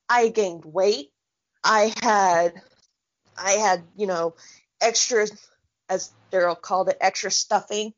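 A woman in her thirties, co-hosting a podcast in casual chat, talking bluntly with lots of swearing and heated rants. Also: medium pitch. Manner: blunt, profane, heated ranting. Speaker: podcast co-host. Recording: dull lo-fi sound.

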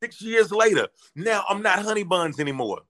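A man's voice: sits high, normal speed. A man, telling a story in casual chat and acting out the voices in his quotes. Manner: animated, acts out voices in quotes. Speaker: comedian guest telling a story.

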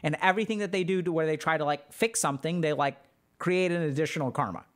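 A man's voice: on the high side, fast talker. A man hosting a casual livestream, answering chat questions in a loose, explanatory way with plenty of filler words. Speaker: podcast host answering chat.

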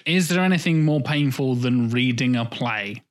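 A man's voice: medium pitch, normal speed. A man, co-hosting a casual podcast chat, blunt and emphatic, with frequent swearing. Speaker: podcast co-host.

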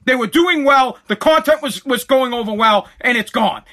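A man's voice: extremely high pitch, moderate pace, sharp tone. A man who makes online content, ranting angrily to camera, repeating himself and swearing. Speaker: content creator. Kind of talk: angry rant to camera.

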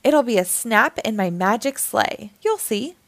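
A woman's voice: on the high side, lively intonation, measured pace, no room sound. Woman reading as a cheerful old Santa. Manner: warm, smiling, gently explaining.

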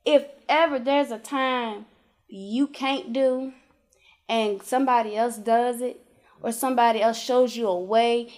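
A woman with a notably high voice recounts her faith testimony in a relaxed interview. She talks colloquially and emphatically, acting out the voices in her conversations. Her delivery climbs into lively exclamations. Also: a little slow. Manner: animated storyteller who acts out dialogue with God and her kids.

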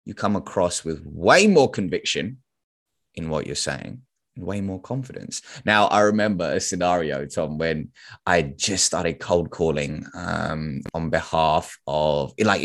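A man, a sales consultant as podcast guest, telling animated stories in casual talk and acting out quoted lines. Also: low-pitched. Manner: animated storytelling, acts out quotes; casual slang. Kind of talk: podcast interview.

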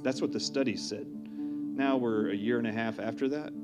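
A man's voice: medium pitch, steady tone, normal speed. A man giving an interview in an earnest, urgent, insistent way. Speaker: interview guest. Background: music.

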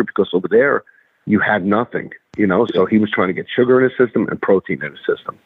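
Man, low husky voice, rambling profane storyteller, tinny dry phone line. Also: fast, dry recording. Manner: rambling, profane, restarts a lot. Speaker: guest, former pro wrestler. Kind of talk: casual storytelling chat.

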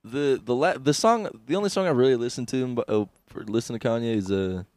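A man's voice: mid-range voice, fast talker, a little mellow, no room sound. A young man co-hosting a comedy podcast, rambling crudely with restarts and laughs, hungover. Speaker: podcast co-host. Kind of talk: casual comedy podcast chat.

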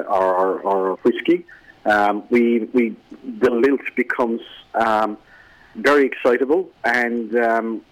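Irish guy, middle-aged, lowish voice, lilting chatty storyteller on radio. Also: poor audio. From Ireland. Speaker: radio guest. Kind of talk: casual radio chat. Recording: radio broadcast.

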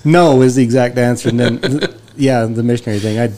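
A man co-hosting a casual podcast chat, telling stories and jumping into high voices when he quotes people. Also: fairly quick, mellow. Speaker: podcast co-host.

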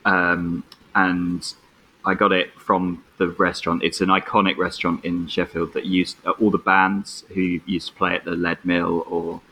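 A man in his thirties, a podcast producer on a video call, laid-back and husky in casual chat. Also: low voice, little pitch movement, normal speed, bright, forceful tone, rough recording. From United Kingdom. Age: 30s. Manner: laid-back, chuckles often.

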